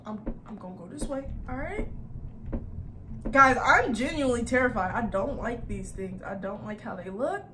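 A woman's voice: medium pitch, expressive, moderate pace, hardly any pauses, background noise. A woman giving jittery horror game commentary, talking to herself and her viewers as she plays. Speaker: gaming creator.

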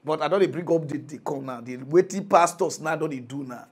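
A young man with a high, bright-edged voice delivers a comic rant in Nigerian Pidgin. He swings from muttering to shouting and keeps laughing at his own points, like a mock news commentator on a roll. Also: a little fast, slightly rough. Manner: excitable, laughing, big swings in loudness.

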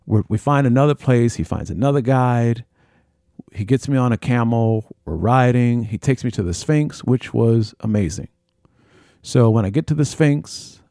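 Man telling a travel story, mellow. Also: fairly low pitch, no room sound, studio quality. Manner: animated storyteller acting out dialogue. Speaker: podcast host. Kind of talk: storytelling monologue.

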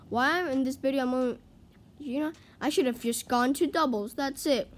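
Her voice sits high and moves at a moderate pace as she talks through a game in live commentary. This gaming video creator chats away, gets flustered easily, and panics frantically when things go badly.

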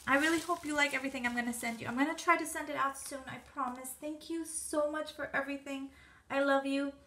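A woman vlogger unboxing a gift package, gushing and gasping with excitement. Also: high-pitched, quick pace, a little hiss or hum.

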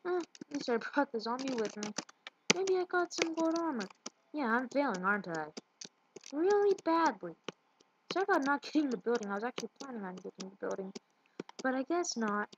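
A woman's voice: fairly high pitch, animated, fast talker. A woman giving casual gameplay commentary, rambling and tripping over her words. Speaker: let's play gamer. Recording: muffled lo-fi with loud hiss.

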